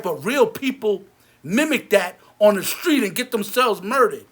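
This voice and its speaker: High-pitched guy ranting angry into the camera, bitter, repeats himself a lot, trails off quiet. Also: lively intonation, fairly quick. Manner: repetitive, many restarts. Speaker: movie theater owner.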